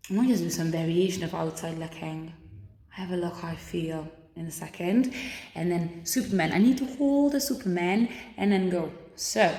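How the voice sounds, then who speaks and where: A woman's voice: on the low side, darkish tone. A woman pole dancer talking herself through a routine between attempts, chatty and out of breath. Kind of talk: casual talk-through while practicing. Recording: echoey room.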